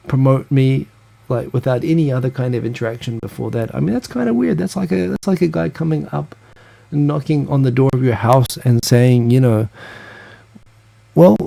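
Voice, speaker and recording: A man's voice: medium pitch, vocal fry, dark tone. A man hosting a live stream, chatting loosely as he reads out viewer comments, rambling with lots of asides.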